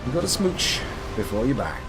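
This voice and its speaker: Over background music, a man from the UK narrates his live game stream in a theatrical, meandering way, cursing and speaking to the boss. His pitch is medium but swoops wildly, and he talks fairly fast.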